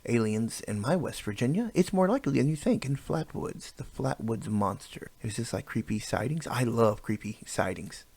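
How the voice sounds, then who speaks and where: A man's voice: mid-range voice, animated, normal speed, gravelly, few pauses, a little mellow, husky. A man giving rambling, self-deprecating reaction commentary on videos, often restarting his sentences, recorded on a new microphone. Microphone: new studio microphone.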